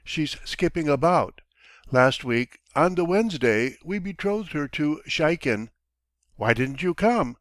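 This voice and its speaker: A man's voice: a little high, expressive, no echo, studio quality, pitched above the performer's own voice. A man reading an audiobook, voicing a blunt, self-satisfied older townsman who talks down to others. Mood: cheerful, boastful. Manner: brisk, dismissive, bossy. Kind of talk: audiobook character voice.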